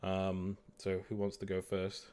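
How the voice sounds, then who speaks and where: A man's voice: deep voice, monotone, unhurried, warm tone, clear, resonant tone. Chatty male game master on voice chat. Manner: upbeat, chatty, laughs often. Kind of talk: running a tabletop game over voice chat.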